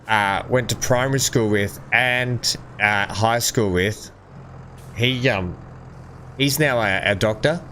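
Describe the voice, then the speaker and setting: A man's voice: medium pitch, pushed and bright, a little hiss or hum. A middle-aged man giving casual, rambling commentary while playing a farming game, chatting with viewers and laughing at his own jokes. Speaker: gameplay streamer.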